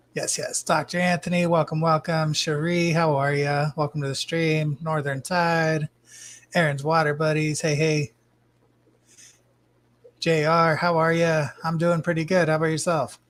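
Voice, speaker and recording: A man hosts a casual live stream from his home fish room. His voice sits a little higher than most men's, and he talks in a relaxed, friendly way, reading viewer names off the chat. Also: unhurried, long pauses. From Arizona, US. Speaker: livestream host.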